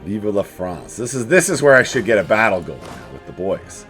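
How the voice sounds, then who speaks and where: Animated man narrating his strategy game. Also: fairly low pitch, fairly quick, faint music behind. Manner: animated, chatty, talks to the game's enemies. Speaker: let's play host. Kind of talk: casual strategy game commentary.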